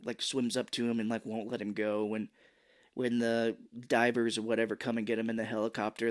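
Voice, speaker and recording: A man's voice: medium pitch, monotone, a little fast. A man co-hosting a podcast, recapping a film in casual chat and jumping into playful impressions of its characters. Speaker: podcast co-host.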